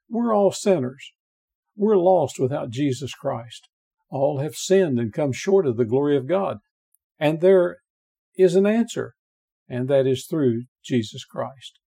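A man with a slightly high but dark, mellow voice preaches a sermon, working through scripture verse by verse. His tone is gravelly and a little husky. He stresses key words by repeating them earnestly and often stops to restart a phrase. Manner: halting, with frequent uh fillers and restarts. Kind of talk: sermon, verse-by-verse Bible teaching.

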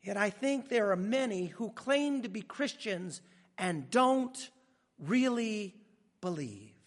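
A male pastor preaching in a high, lively voice that swoops up and down with emphasis. He takes his time, drawing phrases out slowly, and a long reverb from the large room trails every line. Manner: dramatic, emphatic preaching with slow drawn-out phrases. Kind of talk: sermon.

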